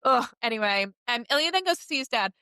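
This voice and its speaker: Bright, chatty woman gushing over a show. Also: high voice, rapid-fire, no echo. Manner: chatty, many fillers, animated gushing. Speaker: podcast host recapping a TV series. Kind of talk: casual recap chat.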